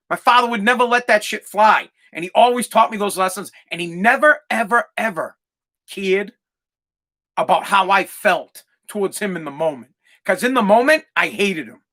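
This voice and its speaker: Male podcast host in his thirties, high and bright voice, blunt, profane storyteller. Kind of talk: ranting monologue.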